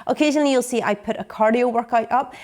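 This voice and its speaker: Young woman, fitness instructor, brisk upbeat explainer in a relaxed Q&A chat. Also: on the high side. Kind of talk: casual Q&A chat to camera.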